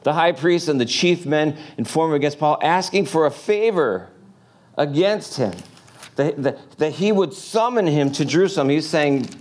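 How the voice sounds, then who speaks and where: A man's voice: a little high, lively intonation, normal speed, darkish tone. Joking, conversational male preacher. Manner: conversational and joking, full of rhetorical questions. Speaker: pastor. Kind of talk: sermon.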